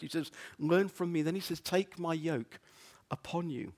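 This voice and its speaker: A man preaching a sermon as a pastor, earnest, often repeating words and dropping soft on quotes. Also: fairly high pitch, fairly even intonation, normal speed, few pauses. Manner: earnest, stumbles and repeats words, drops to near-whisper on quotes.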